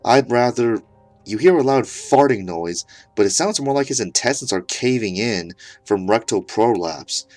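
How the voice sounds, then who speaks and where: A man's voice: lowish voice, animated, moderate pace, hardly any pauses, a little mellow, dry recording, faint music behind. A man narrating an absurd comedic horror story in a mock-serious tone.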